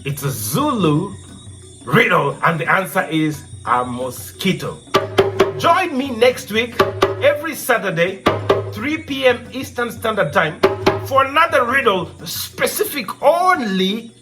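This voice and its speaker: A man's voice: high voice, big pitch swings, a little slow, over loud music. A man from Kenya hosting a storytelling show, telling a moral tale and pressing his point with repeated rhetorical questions.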